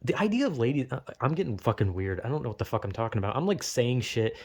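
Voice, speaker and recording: A man's voice: medium pitch, sing-song, fast talker, a little mellow, slightly rough. A young man telling a rambling, profane, self-mocking comedic story.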